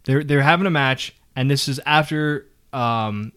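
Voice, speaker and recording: Bright-voiced man telling wrestling stories. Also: mid-range voice, a little slow, smooth. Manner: steady storyteller, restarts often with "um". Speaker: podcast co-host. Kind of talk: casual wrestling recap chat.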